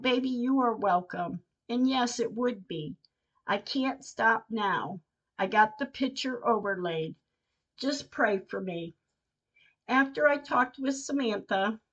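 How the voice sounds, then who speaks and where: Slow, heartfelt older woman reading her diary. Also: mid-range voice, a bit bright. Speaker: podcast host. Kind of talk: reading personal diary entries aloud. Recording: dull lo-fi recording.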